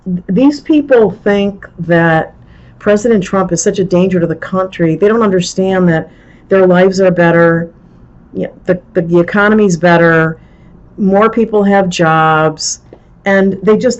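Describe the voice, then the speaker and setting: A middle-aged woman hosts her own live stream, ranting with exasperation and rambling through restarts. Her voice sits at an ordinary pitch for a woman. The audio is a bit muffled and lo-fi. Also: a little slow. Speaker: show host. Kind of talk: live-stream political commentary.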